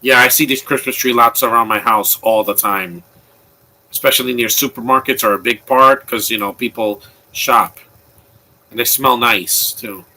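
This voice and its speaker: A man's voice: mid-range voice, steady tone, moderate pace, bright, forceful tone, low-quality recording. A man giving casual, opinionated live commentary on a movie, rambling with frequent restarts. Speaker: film commentator.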